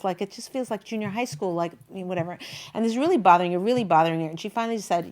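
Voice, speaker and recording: A woman's voice: medium pitch, racing. A woman talk show host retelling a story in a chatty, emotional way, with many fillers. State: near tears.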